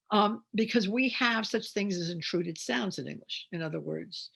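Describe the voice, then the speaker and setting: Gravelly-voiced reading teacher explaining phonics. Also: mid-range voice, fairly bright tone. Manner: explains step by step with chatty asides. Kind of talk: instructional talk on phonics.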